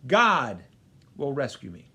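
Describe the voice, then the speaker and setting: A man's voice: medium pitch, wildly swooping pitch, slow pace, pushed and bright, husky, heavily acted. A man voicing a stubborn man of faith who turns indignant, speaking in a raised, emphatic voice.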